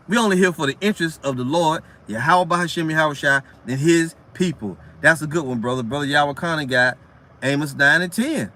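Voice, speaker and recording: A man's voice: high voice, bright, forceful tone. A man teaching scripture informally, reading verses and lecturing bluntly with rhetorical questions and street slang. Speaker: street preacher.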